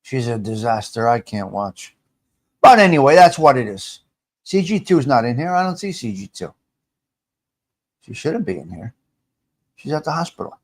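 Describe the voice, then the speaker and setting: A man's voice: medium pitch, sing-song, normal speed, pauses often. Rambling man chatting on a livestream. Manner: rambling, repeats himself, talks back to chat comments. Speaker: livestream host reading viewer comments. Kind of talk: casual livestream chat.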